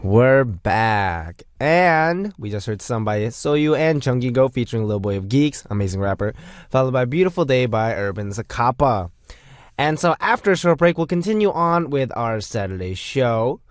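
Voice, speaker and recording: A man's voice: mid-range voice, very animated, moderate pace, no echo, studio quality. A man hosting a radio show, chatty and joking as he reads out messages and introduces songs. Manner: playful, chatty, jokey. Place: radio studio.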